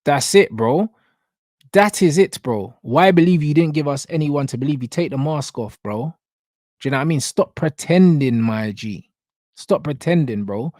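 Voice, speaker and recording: Ranting man with a higher voice. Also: moderate pace, no echo, clean studio sound. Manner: animated ranting, ends most phrases with a dropped "bro". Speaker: reaction channel host. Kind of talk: rap reaction commentary.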